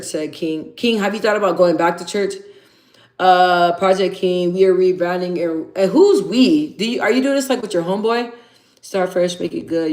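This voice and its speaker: A woman hosting a casual livestream, talking candidly to viewers, reading their comments aloud and repeating phrases for emphasis. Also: fairly low pitch. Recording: echoey room.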